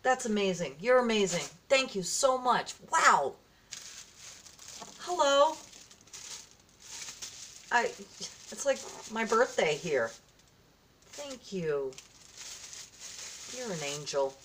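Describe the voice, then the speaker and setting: A woman's voice: mid-range voice, big pitch swings, takes it slowly, long pauses, fairly bright tone, slight background noise. A woman vlogging casually as she opens gifts, effusive and gushing, often gasping and exclaiming. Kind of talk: casual vlog, opening gifts from a viewer.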